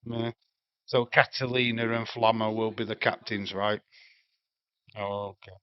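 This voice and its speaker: A man's voice: on the low side, little pitch movement, a little slow. A man chatting casually and rambling on a live wrestling watch-along stream, swearing now and then. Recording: dry, slightly dull home mic.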